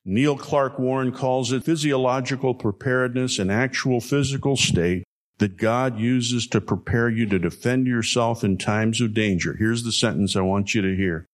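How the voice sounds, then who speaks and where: A pastor delivering a sermon, speaking emphatically and repeating key phrases for effect. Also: male voice, mid-range voice, moderate pace.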